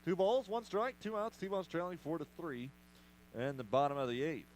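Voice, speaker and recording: A man doing play-by-play commentary for a baseball radio broadcast, brisk with playful asides. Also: a little high, slight background noise, low-quality recording. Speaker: play-by-play announcer.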